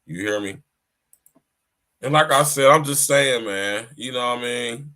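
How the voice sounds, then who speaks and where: A man's voice: medium pitch, measured pace, sharp tone. A man hosting a livestreamed podcast, lecturing his listeners in a preachy, repetitive way and talking straight to them. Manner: preachy, repeats himself, addresses listeners directly. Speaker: podcast host. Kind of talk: livestream commentary.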